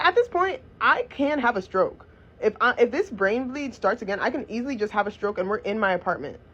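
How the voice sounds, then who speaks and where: A young woman vlogger telling a personal story in a blunt, profane, animated way. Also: mid-range voice, slightly rough. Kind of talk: casual storytime vlog. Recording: dull lo-fi recording.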